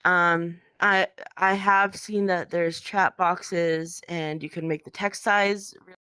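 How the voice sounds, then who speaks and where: Slow, hesitant low-voiced woman. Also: fairly even intonation, sharp tone, clean tone, no room sound, clean studio sound. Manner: hesitant, many ums and pauses. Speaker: podcast guest. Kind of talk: casual podcast conversation.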